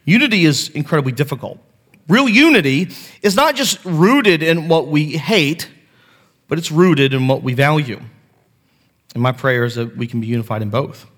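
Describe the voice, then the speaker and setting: A man's voice: a little high, animated, normal speed, a bit bright. A man in his thirties preaching a sermon to his church on a handheld mic, casual and self-deprecating as he tells family stories. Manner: conversational, self-deprecating storytelling. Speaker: pastor. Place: church sanctuary. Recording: long hall reverb.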